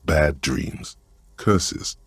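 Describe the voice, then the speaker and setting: A very deep, grave game narrator. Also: male voice, slightly rough, no room sound, heavily acted. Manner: measured, descriptive storytelling. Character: grim, solemn male narrator of a detective game. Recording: faint game music behind.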